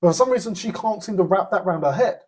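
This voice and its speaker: A man hosts a podcast with a blunt, opinionated monologue, stumbling over restarts and fillers as he goes. His voice is husky and sits a little higher than most men's. He keeps checking in with a quick "right?". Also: animated, a little mellow. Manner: blunt, repeats "right?" as a tag question; halting, with many restarts and fillers. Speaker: podcast host.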